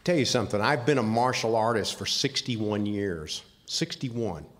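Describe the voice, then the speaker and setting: A man's voice: fairly low pitch, moderate pace, a bit bright. Older Southern man telling a story. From Southern United States. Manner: plainspoken, folksy storytelling. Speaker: award recipient speaking for his wife. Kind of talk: speech at an awards ceremony. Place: large convention hall. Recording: reverberant hall sound.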